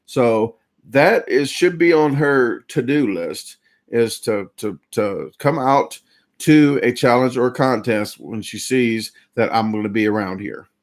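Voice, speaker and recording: A man's voice: medium pitch, unhurried. Chatty man, full after eating. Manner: rambling, chatty, reads out viewer names; full and sluggish after a big eating challenge. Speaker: competitive eater streaming a live chat. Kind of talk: casual live-stream chat.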